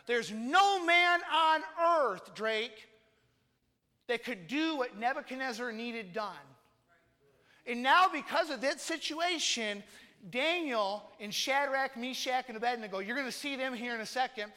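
A man with a very high, bright voice delivers a casual, joking sermon, stressing his points with emphasis. The sound rings out with a long reverb in a large church hall. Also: measured pace. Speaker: preacher. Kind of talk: conversational sermon.

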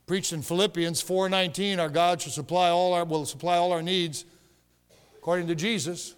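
Pastor, male, high-pitched, emphatic storyteller; church hall with long reverb. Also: steady tone, moderate pace, clear, resonant tone. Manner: storytelling, emphatic, rising to shouts. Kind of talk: sermon. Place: church sanctuary.

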